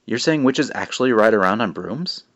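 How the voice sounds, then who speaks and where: A man voicing a sharp-tongued, sarcastic young princess in a storybook reading. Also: on the low side, lively intonation, normal speed, no echo, dull audio. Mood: skeptical. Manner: sarcastic, bossy.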